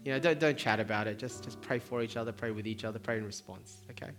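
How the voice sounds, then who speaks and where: Earnest pastor, faint music behind. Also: male voice, lowish voice, quick pace. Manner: earnest, often repeats words, drops to soft tones in prayer. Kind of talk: sermon and altar-call prayer. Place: church service.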